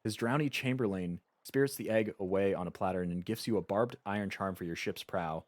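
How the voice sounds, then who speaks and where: A man's voice: lowish voice, brisk, dry recording. A man streaming a game live, reading its story text aloud and chatting casually with frequent stammered restarts.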